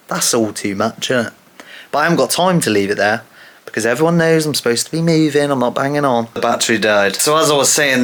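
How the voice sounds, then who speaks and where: Young guy vlogging, bright tense voice, rambles on with loads of likes and ums. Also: mid-range voice. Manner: rambling, animated storytelling with lots of fillers. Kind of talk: casual vlog chat.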